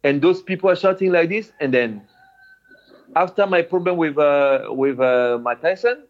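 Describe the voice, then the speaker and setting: Man in a dull lo-fi recording. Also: on the high side. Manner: halting non-native English, vivid retelling. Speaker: former footballer telling his story. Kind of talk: recounting memories in an interview. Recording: dull lo-fi sound.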